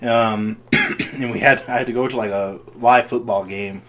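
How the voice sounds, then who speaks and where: A young man co-hosts a relaxed podcast and tells stories from high school in an animated way, acting out the characters as he goes. His voice sits in a middling register. A faint background noise runs under the recording. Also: unhurried. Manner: animated storyteller, acts out quoted voices. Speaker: podcast co-host. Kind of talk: casual chat.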